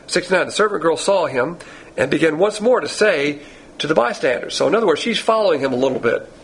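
A man's voice: a little high, animated, quick pace, husky, low-quality recording. A man teaching verse by verse through a Bible passage to a class, in a folksy, digressive and conversational way. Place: Bible class with listeners present.

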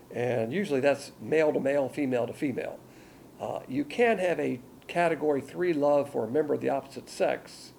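A man with a heavily gravelly, mellow voice teaches a verse-by-verse Bible lecture. He is blunt and wanders off into side topics, reading scripture more loudly than his asides. Faint room ambience sits behind him. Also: medium pitch, a little hiss or hum.

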